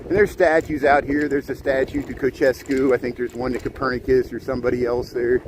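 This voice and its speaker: A man's voice: medium pitch, little pitch movement, fairly quick. Casual male streamer, winded from pedaling, greets his viewers, gusty outdoor mic. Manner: chatty, greets viewers by name. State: out of breath from cycling. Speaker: live streamer. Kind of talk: live-streamed city tour. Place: outdoors by a lakefront, riding a bike. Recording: outdoor wind noise on the mic. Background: wind noise.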